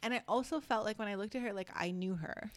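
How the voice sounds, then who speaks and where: A woman in her thirties, a podcast co-host, chatting casually with lots of fillers and lively storytelling. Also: medium pitch, fast. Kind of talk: casual chat.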